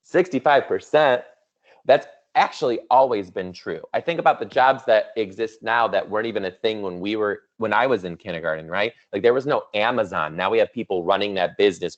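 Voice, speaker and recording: Speaking in a low voice over lo-fi audio, a man in his thirties gives a keynote to teachers by video call. The talk is playful and conversational, peppered with teasing asides.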